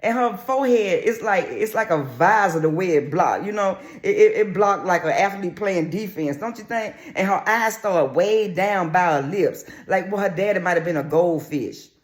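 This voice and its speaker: A man's voice: sits high, animated, moderate pace, few pauses, soft background music. A man giving sassy, brash, crude gossip commentary on a reality show in a casual vlog.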